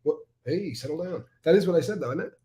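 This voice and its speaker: A man's voice: a little high, fast talker. Emphatic storytelling male co-host. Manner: animated storyteller, emphatic, mimics others. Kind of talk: casual livestream chat.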